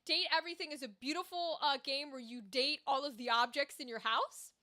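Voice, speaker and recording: A woman's voice: high voice, fairly quick, bright, forceful tone. An American woman streamer chatting casually and animatedly on a livestream, reading out viewer comments and swearing freely.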